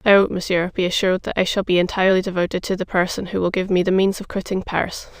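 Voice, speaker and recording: An audiobook narrator voicing a frightened, devoted young chambermaid who pleads for help, in a crisp, level reading. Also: female voice, lowish voice, completely flat delivery, fast talker, dry recording, studio quality. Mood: pleading.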